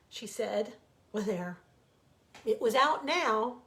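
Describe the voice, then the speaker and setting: A woman author reading a bedtime fable aloud in an expressive, dramatic storytelling manner. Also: a little high, slow pace, long pauses. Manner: expressive, dramatic, warmly animated. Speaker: author reading her own stories.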